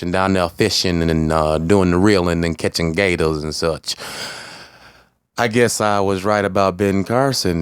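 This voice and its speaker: A man vlogging in a loose, rambling way, swearing freely and giving shout-outs to his viewers. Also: low voice, clear, resonant tone, no room sound, studio quality. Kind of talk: casual rambling vlog.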